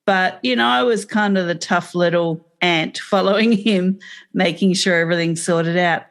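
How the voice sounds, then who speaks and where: An Australian woman, a podcast guest, telling her own life story in a frank, matter-of-fact way. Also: fairly low pitch. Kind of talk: podcast interview.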